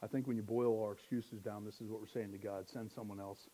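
A man's voice: on the low side, steady tone, fast, warm tone. A man preaching a sermon in a conversational way, asking rhetorical questions and joking at his own expense. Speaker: pastor.

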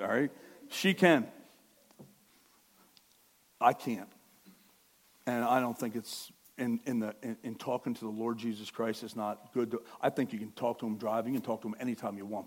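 A middle-aged man preaching a sermon in a conversational way, with asides and restarts, swinging from quiet to near-shouting. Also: mid-range voice. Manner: self-correcting, conversational with asides. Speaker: pastor.

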